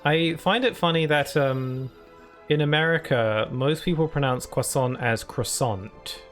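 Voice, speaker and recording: A man's voice: a little high, unhurried, fairly bright tone, soft background music. A British man chatting casually while streaming a video game, laughing often and reading chat and on-screen text aloud. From United Kingdom.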